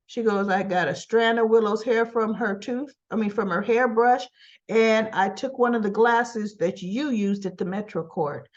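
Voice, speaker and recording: A woman's voice: mid-range voice, normal speed, muffled recording. A woman casually recapping a soap opera episode, retelling the scenes by quoting the characters and often checking in with "right?".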